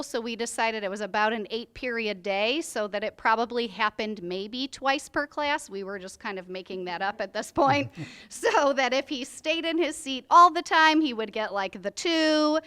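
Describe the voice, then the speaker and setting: A woman at a training workshop reports back for her group in a smooth, fairly high voice. She explains the plan step by step with frequent "like" fillers. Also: a bit bright. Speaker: workshop participant. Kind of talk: group share-out.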